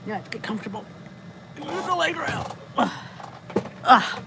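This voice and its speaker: A middle-aged American woman chats on a home livestream, her fairly high voice swooping up and down as she greets viewers one after another. She talks bubbly and loose, quick to laugh, picked up by a phone on a stand. A faint hiss sits under the whole recording. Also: animated, creaky. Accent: US English. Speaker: YouTube livestream host. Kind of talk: casual live chat reading comments. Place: indoors at home. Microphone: phone or camera on a stand.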